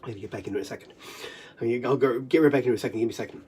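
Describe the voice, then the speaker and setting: A speaker rambling through an unscripted monologue of memories, swearing often, short of breath and snotty, swinging between giddy laughing sobs and low muttering. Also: very fast, a little mellow, slight background noise. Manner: rambling, repetitive, heavy swearing.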